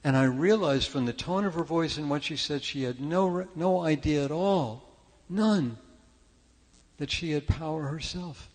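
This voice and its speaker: A man's voice: fairly high pitch, a little slow, darkish tone, in a large hall. An older man giving a conversational, story-filled sermon at a church service. He talks in a chatty, self-deprecating way and often restarts his sentences. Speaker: speaker at a spiritual church service. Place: church sanctuary.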